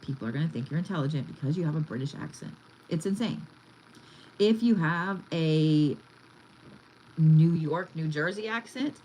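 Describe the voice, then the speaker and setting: A woman's voice: low-pitched, a little mellow, a little hiss or hum, poor audio. A woman giving a casual card reading, chatty and blunt, swearing freely as she talks. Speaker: tarot reader.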